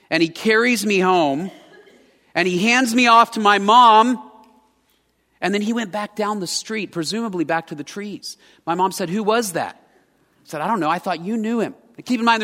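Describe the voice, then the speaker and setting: A man's voice: high-pitched, sharp tone. A man preaching a sermon as pastor, telling a personal story in an earnest, conversational way. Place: church sanctuary. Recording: church hall with long reverb.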